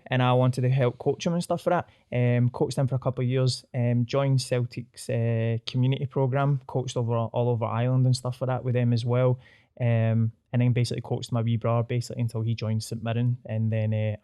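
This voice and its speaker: A man's voice: medium pitch, clean tone, no room sound. A young man with a broad Glaswegian accent chats at speed as a podcast host. He tells stories animatedly and puts on exaggerated voices in his quotes. The sound is close and dry. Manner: animated storyteller, broad slang, loud mock voices in quotes. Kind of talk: casual chat.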